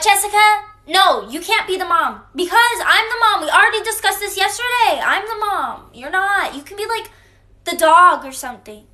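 A woman's voice: extremely high pitch, pushed and bright, full character voice. A woman doing a bossy little girl. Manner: bossy, whiny, dismissive. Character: bossy young girl ordering friends around. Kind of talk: comedy skit.

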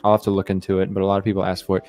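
Excitable young man streaming games. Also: low voice, soft background music. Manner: excitable, chatty, greets viewers rapidly. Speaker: game streamer. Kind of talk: casual live-stream chat.

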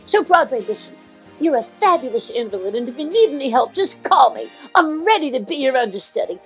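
Actress doing a scatterbrained older diva: high, swooping voice, gushing and rambling, faint music behind. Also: female voice, sing-song, a little fast. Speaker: comic impressionist. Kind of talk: comic celebrity impression monologue.

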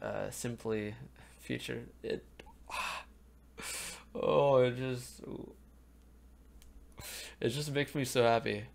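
A gravelly, medium-pitched male voice delivers casual, meandering commentary on music for a reaction video. The young man is sleepy, yawns, and keeps trailing off into ums and restarts. He's at home in front of a webcam, faint music playing behind him.

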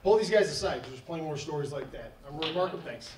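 Storyteller at a live panel: higher-pitched man, rambling and laughing, echoey hall, heard from afar. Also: expressive, fast talker. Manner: rambling, laughing, acts out quoted dialogue. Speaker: event speaker telling a fight story. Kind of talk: casual storytelling to a live audience. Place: event hall. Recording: echoey hall, distant mic, faint noise.

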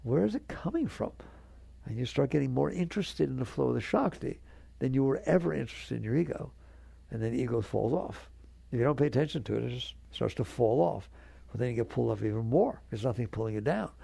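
A man's voice: medium pitch, fast, creaky, mellow, breathy edge, no room sound. A man giving a spiritual talk to an audience, earnest and conversational, coaxing his listeners along. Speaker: spiritual teacher.

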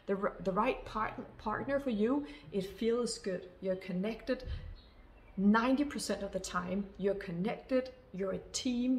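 A woman's voice: medium pitch, a little slow. Earnest woman coach giving heartfelt advice. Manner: earnest, emphatic, repeats phrases, addresses listeners as sisters. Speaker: love coach. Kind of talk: spoken advice monologue to women.

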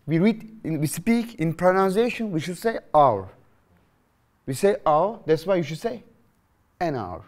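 Lively man teaching grammar. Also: a little high, unhurried. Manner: lively, questioning, repeats phrases to students. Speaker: English teacher. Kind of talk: classroom grammar lesson.

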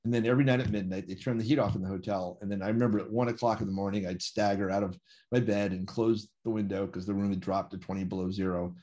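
A man telling a gripping first-person story in an animated, vivid way, acting out quoted dialogue. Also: fairly low pitch, fast talker. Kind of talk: conversational storytelling.

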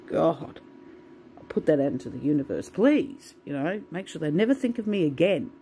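A woman's voice: low-pitched, animated, normal speed, dark tone, slight background noise, rough recording. A woman venting in a casual, swear-filled monologue to the camera. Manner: swears a lot, ranting. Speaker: vlogger.

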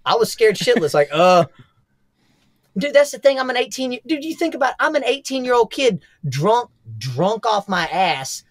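Swearing freely and often laughing, a young Southern US man spins wild stories as a podcast guest in a relaxed storytelling interview. His voice is very high, his pace moderate. The recording is dry and studio quality.

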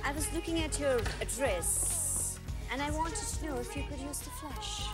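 An actress playing a brisk, bossy call center interviewer who gives curt orders. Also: female voice, high-pitched, lively intonation, over loud music.

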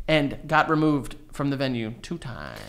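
Young guy cohosting a podcast, swears a ton, bright voice. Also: medium pitch, moderate pace. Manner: animated storytelling, swears a lot. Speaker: podcast co-host. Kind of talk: casual chat.

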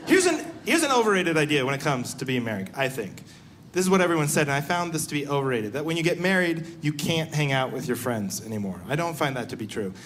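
A young comedian does a live stand-up set, speaking fast in a fairly high voice as he tells animated stories and impersonates their characters. Slight background noise can be heard.

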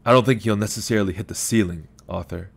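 A man voicing a weary gray-haired older man who speaks in a measured, patient, quietly firm way. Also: on the low side, creaky, breathy edge.

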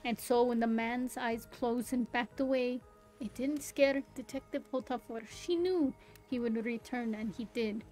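A woman's voice: on the high side, measured pace, a little mellow, low-quality recording. A young woman streamer reading a game's story aloud in a theatrical style, breaking off now and then for amused asides. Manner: theatrical narration broken by giggly asides. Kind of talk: dramatic read-aloud with asides. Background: faint background music.

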